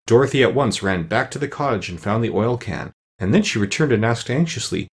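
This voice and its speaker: A man narrating a children's storybook in a steady, even reading voice. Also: mid-range voice, brisk, hardly any pauses. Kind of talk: audiobook narration.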